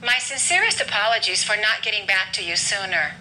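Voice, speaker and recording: A woman teaching English vocabulary and pronunciation, speaking clearly and deliberately and repeating model phrases slowly. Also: medium pitch, animated, pushed and bright, a little hiss or hum, rough recording. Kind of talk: scripted English lesson.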